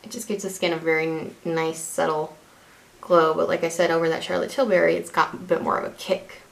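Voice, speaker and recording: A woman's voice: low-pitched, level tone, a little fast, creaky, slight background noise. A young woman chatting casually through a makeup tutorial as a beauty vlogger, rambling, self-deprecating and restarting her sentences.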